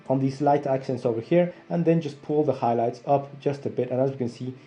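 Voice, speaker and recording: A young adult man explaining photo editing software step by step, often calling his viewers guys. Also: mid-range voice, dull audio. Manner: steady step-by-step walkthrough, addressing viewers as guys. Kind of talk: screen-recorded software tutorial.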